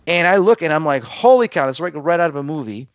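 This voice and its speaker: A man with a slightly high voice tells listeners a dramatic personal story at a quick pace, acting out the quoted voices with lively emphasis. The audio has no room sound and its highs are cut off.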